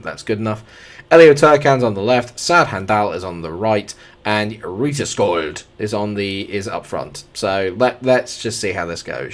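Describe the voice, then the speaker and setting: A young man with a lowish voice talks through a football sim match as he plays it. He jumps into excited play-by-play calls, then drops back into relaxed, chatty remarks aimed at his players. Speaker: gaming YouTuber. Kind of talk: live football sim commentary.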